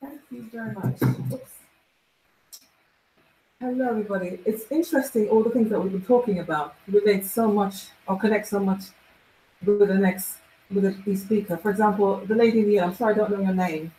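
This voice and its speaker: A woman's voice: medium pitch, fairly quick, mellow. A woman giving a casual talk as guest speaker at an event, chatty, with many fillers and restarts. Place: large event room. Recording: echoey room with faint background noise.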